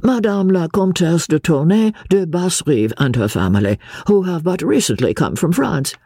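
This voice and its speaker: A woman's voice: fairly low pitch, expressive, normal speed, mellow, breathy edge, no echo, studio quality, pitched above the performer's own voice. A woman reading aloud and voicing a courteous, formal nobleman. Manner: formal, deferential.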